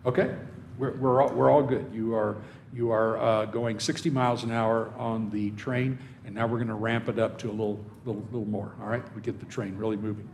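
A man's voice: lowish voice, little pitch movement, brisk, darkish tone, slight background noise. A man teaching a Bible lesson to a class, checking in with them and often repeating words as he restarts.

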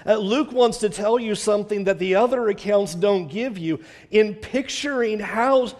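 A man's voice: high-pitched, moderate pace, a little mellow, long reverb tail. A man preaching a sermon in an earnest, dramatic way, retelling a story with rising intensity. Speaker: pastor.

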